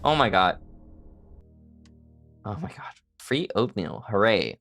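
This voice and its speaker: A woman's voice: extremely low pitch, sing-song, takes it slowly, pauses often, fairly bright tone, soft background music. A woman streamer chatting casually on a live stream, playful and giggly, protesting in flustered bursts.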